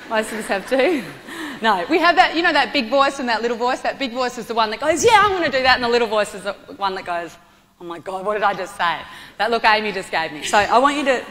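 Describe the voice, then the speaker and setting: Bright-voiced woman speaking in a reverberant hall. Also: fairly high pitch, slight background noise. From Australia. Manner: energetic, playful instructor, shouts commands. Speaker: guest speaker, martial arts athlete. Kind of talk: motivational talk with demonstration. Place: large hall with audience.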